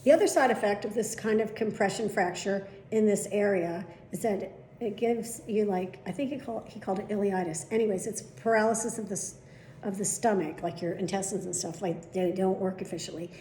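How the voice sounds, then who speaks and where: A woman's voice: mid-range voice, brisk, warm tone, reverberant, slight background noise. A middle-aged woman vlogging casually, telling a long story with plenty of swearing and acted-out dialogue. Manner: chatty, swearing, retelling dialogue. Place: at home.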